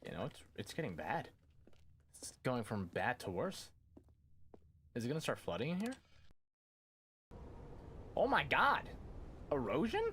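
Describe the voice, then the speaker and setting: A man's voice: mid-range voice, wildly swooping pitch, moderate pace, long pauses, slight background noise. A young man giving goofy, easily startled commentary while playing a game and talking back to it. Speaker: gaming youtuber. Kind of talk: casual gameplay commentary.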